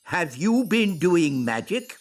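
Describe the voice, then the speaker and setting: A man voicing a wise old male elf in a cartoon, measured and dryly teasing. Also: high voice, sing-song, heavily acted.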